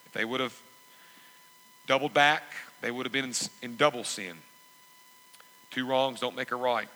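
A man preaching a sermon, emphatic and repetitive, swelling into loud exhortations. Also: mid-range voice, normal speed, big-room sound, rough recording. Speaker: pastor.

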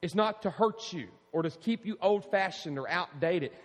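A male pastor preaching a sermon, animated and emphatic, calling out to his congregation. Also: sits high, normal speed. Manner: animated, preaching with rising emphasis and audience call-outs. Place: church sanctuary. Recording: long reverb in a large hall.

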